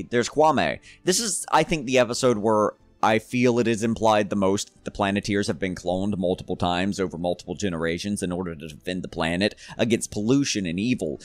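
A man's voice: on the low side, no echo. A man from the American South giving casual, sarcastic commentary on a cartoon, rambling and laughing at his own jokes. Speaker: cartoon reviewer.

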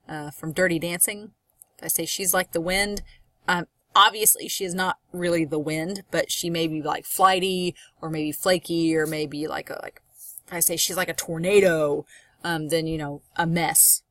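A woman's voice: fairly low pitch, fairly bright tone, no room sound. A woman, a college English instructor, giving a recorded course lecture in a chatty, explanatory way, with frequent fillers and asides.

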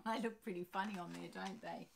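A woman reading her picture book aloud to children, animated and asking her listeners questions. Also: lowish voice, normal speed, vocal fry, a little hiss or hum.

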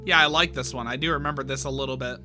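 A man's voice: mid-range voice, steady tone, racing, sharp tone, soft background music. A man reading a fan horror comic aloud, reacting with surprise and swearing. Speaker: comic reader.

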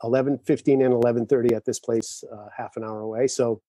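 A man's voice: mid-range voice, steady tone, fast talker, mellow, no room sound. Middle-aged man, easygoing storyteller, dry sound over video call. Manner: easygoing storyteller who laughs often. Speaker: guest drummer.

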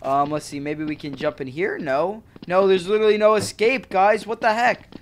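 A gaming video host giving excitable let's-play commentary, chatty and full of slang. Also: mid-range voice, normal speed, a little hiss or hum.

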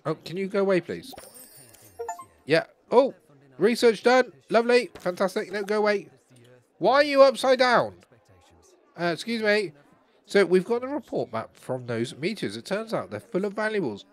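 Lively man commenting on a game. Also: high-pitched, normal speed, long pauses. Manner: chatty, exclaiming and talking to game characters. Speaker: gaming channel host. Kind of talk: let's play commentary.

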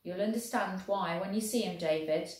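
A woman voicing a gentle, devoted young male soldier who talks soothingly to a horse. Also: mid-range voice, normal speed, lightly acted. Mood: earnest. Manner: soft, soothing talk to a horse. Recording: very echoey room.

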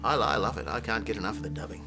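A man's voice: on the low side, animated, very fast, loud music behind the voice. A man giving a documentary interview as an enthusiastic fan, chatty and tripping over his words. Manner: enthusiastic, chatty, stumbling restarts.

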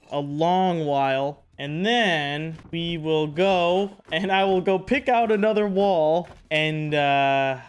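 A young man giving casual, excitable commentary over his own survival game playthrough, loose and slangy. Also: on the high side, smooth. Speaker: gaming YouTuber. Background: background music.

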